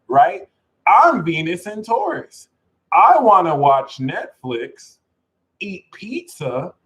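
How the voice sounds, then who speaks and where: Male astrology streamer, high-pitched, animated, cussing, jokey. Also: poor audio. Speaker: astrology reader. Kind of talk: live astrology stream talk.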